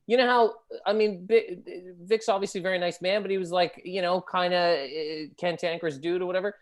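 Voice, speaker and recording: A man's voice: high voice, steady tone, brisk. A male comedian telling a rambling, profane story on a video call. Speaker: comedian guest. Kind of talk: casual anecdote.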